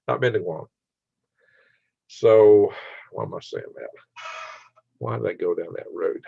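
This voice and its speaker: A man's voice: on the low side, takes it slowly, gravelly, breathy edge, no room sound, narrow, tinny audio. An older man hosting a casual livestream, rambling and laughing as he answers viewers' comments by name. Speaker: channel host reading live chat.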